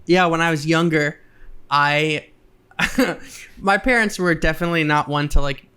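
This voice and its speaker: A man's voice: a little high, unhurried, sharp tone, clear, resonant tone. A man co-hosting a podcast in casual chat, telling childhood stories with frequent laughter and acted-out quotes. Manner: laughing storyteller, acts out quotes. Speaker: podcast co-host.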